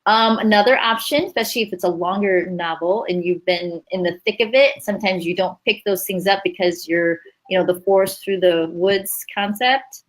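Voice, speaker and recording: A woman's voice: medium pitch, moderate pace, few pauses, rough recording. A woman leading a writing workshop in a chatty, upbeat way, laughing easily as she explains. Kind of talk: casual teaching chat.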